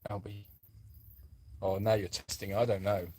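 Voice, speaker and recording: A man's voice: on the low side, little pitch movement, normal speed, warm tone. A man co-hosting a casual live chat, musing aloud and rambling. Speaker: sanctuary co-host.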